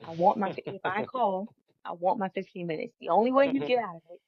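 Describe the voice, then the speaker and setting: A woman co-hosting a podcast, telling stories in a lively way and acting out the lines of people in them. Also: mid-range voice, fast, slightly rough, no echo, dull audio. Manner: animated storyteller, acts out quoted dialogue. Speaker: podcast co-host. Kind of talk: casual podcast conversation.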